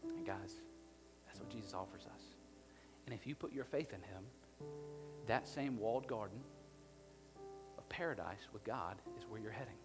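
A male pastor preaching to a live congregation, swinging between hushed, almost whispered passages and loud, emphatic ones. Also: on the low side, normal speed, long pauses. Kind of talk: sermon. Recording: long hall reverb with faint music behind.

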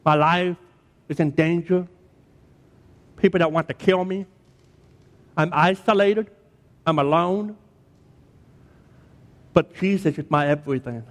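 High, lively pastor preaching in a hall. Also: male voice. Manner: dramatic, emphatic preaching with repeated words. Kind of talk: sermon. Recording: long hall reverb.

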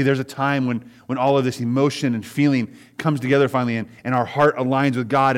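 A middle-aged man preaching in a loose, conversational sermon voice of ordinary pitch. He stumbles and repeats words as he goes, swelling to loud emphasis and sinking to hushed, sighing phrases. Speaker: pastor.

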